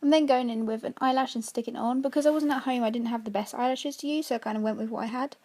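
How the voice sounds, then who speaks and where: A woman's voice: on the high side, fairly even intonation, racing, warm tone. A young woman, chatty and explaining each step of a makeup tutorial. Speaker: makeup artist.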